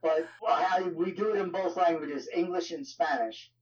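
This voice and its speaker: A man with a New York accent speaks as an interview guest, his voice sitting a little high. He talks loosely and conversationally, leaning on filler phrases. The audio sounds dull and lo-fi. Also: normal speed. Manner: conversational, frequent "you know" fillers. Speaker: guest, ministry leader. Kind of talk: casual interview talk.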